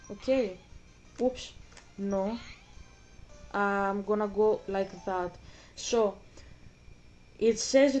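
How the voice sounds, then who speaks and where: A woman's voice: a little high, a little mellow. A woman streaming a game, chatting casually in a rambling way, repeating herself and breaking off for game moves. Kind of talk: casual livestream chat while gaming.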